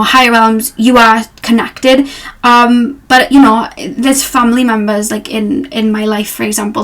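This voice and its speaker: A young woman giving a casual tarot reading to camera, gentle and reassuring, with frequent fillers. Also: fairly high pitch. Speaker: tarot reader.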